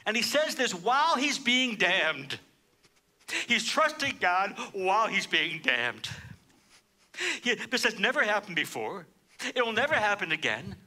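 A man preaching a sermon with dramatic emphasis, dropping to a hush and then rising loud, repeating key phrases. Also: high voice, big pitch swings, moderate pace. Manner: dramatic preaching, swinging between hushed and loud. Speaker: pastor.

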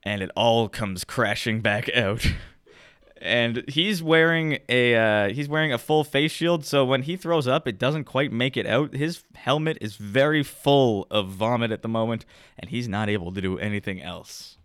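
A game master narrating a tabletop session in a playful, chuckling way. His voice is mid-pitched and the sound is dry and close. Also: normal speed, a bit bright, clear, resonant tone, no echo. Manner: playful, often laughing through descriptions.

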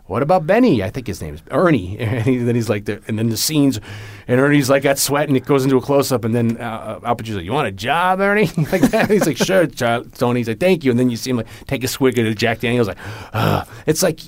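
A man's voice: mid-range voice, no room sound. Guy gushing about action movies, acts out the lines, laughs a lot, dry close sound. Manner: animated, acts out movie lines, laughs often, many restarts. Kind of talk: casual chat.

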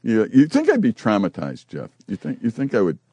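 An older man hosting a casual chat, telling animated stories and acting out the quotes. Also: on the low side, brisk, slightly rough, no room sound. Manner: animated storyteller who acts out quotes.

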